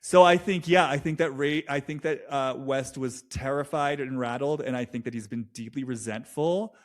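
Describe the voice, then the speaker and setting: A young man picks apart a reality show out loud in a loose, casual monologue. He rambles, restarts his sentences and swears freely, keeping his voice at an ordinary middle pitch. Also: normal speed.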